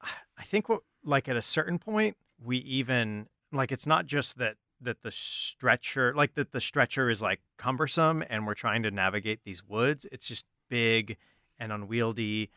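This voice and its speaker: A man's voice: mid-range voice, a little slow, pushed and bright, no room sound, studio quality. A man playing a tabletop horror game, blunt and sardonic, thinking aloud with fillers. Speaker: player. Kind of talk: in-character tabletop play.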